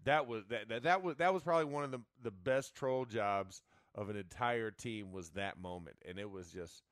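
A man co-hosting a casual sports chat, excitable, laughing often and tripping over his words. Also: on the low side, normal speed, no room sound, studio quality. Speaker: co-host.

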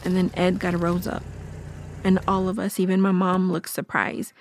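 A woman narrating a first-person horror audio drama, telling it breathlessly with halting restarts. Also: lowish voice, monotone, slight background noise, lightly acted. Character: young woman recalling a family horror.

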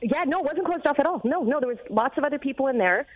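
A woman's voice: high voice, fast, lo-fi sound. Bubbly woman on a radio show. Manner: bubbly, excited storyteller. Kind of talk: casual radio chat.

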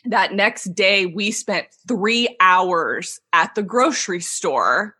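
A woman in her thirties, a podcast guest telling a personal story in an animated way and laughing as she talks. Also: medium pitch, slow, slightly rough. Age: 30s. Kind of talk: casual interview storytelling.

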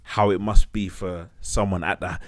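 Laid-back podcast co-host, low voice, dry close mic. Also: male voice, steady tone, moderate pace, dry recording. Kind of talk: casual chat.

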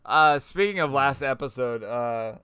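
A man's voice: medium pitch, lively intonation, unhurried, pushed and bright, slight background noise. A man co-hosting a podcast, talking in blunt, profane, joking casual chat. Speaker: podcast co-host.

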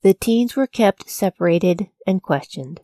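A woman narrating a true-crime story from a script, in a measured, even storytelling delivery. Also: medium pitch, dry recording, studio quality. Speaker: podcast narrator.

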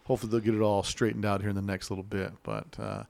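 A man's voice: on the low side, sing-song, very fast, vocal fry, darkish tone. A man hosting a casual chat about classic cars, rambling and laughing as he acts out voices in his stories. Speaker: show host. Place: Las Vegas.

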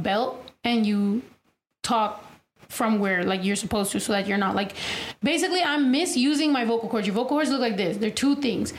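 A young woman with a raspy, crackly voice, talking casually and animatedly in a group chat. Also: fairly high pitch. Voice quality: raspy, crackly voice from vocal cord nodules. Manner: animated, chatty, demonstrates voices while explaining.

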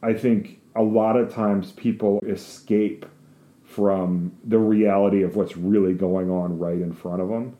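A man's voice: fairly low pitch, fairly even intonation, a little slow, dull audio. A man telling a funny, crude personal story in a rambling, self-mocking way.

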